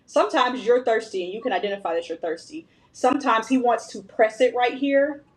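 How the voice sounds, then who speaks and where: A fairly high-voiced woman speaking in a relaxed podcast chat. She tells everyday family stories with animation and slips into quick impressions of her relatives' lines. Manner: animated storytelling, acting out family members' lines. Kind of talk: casual podcast conversation.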